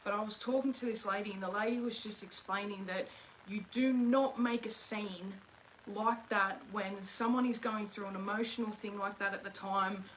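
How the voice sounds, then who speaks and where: A woman's voice: mid-range voice, fairly even intonation, normal speed, a bit bright, poor audio. Woman, young adult, emotional casual story, faint background hum. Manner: earnest, emotional, retelling dialogue. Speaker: guest, host's daughter.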